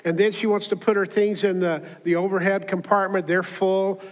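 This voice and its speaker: A man's voice: high voice, flat delivery, normal speed. A man preaching a sermon as a pastor, telling a personal anecdote in a conversational, humorous way and acting out the voices in it. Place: church auditorium. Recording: hall reverb.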